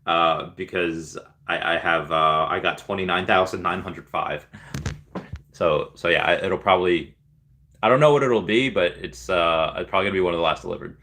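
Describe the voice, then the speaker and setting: A man's voice: sits low, normal speed, bright, forceful tone. A man hosting a casual livestream, reading viewer comments aloud with lots of ums and cheering on the winners. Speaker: livestream host reading chat.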